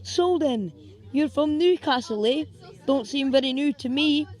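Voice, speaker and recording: Sneering, theatrical boy bully voiced by a woman, loud and high. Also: lively intonation, measured pace. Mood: taunting. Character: taunting boy bully with a sword.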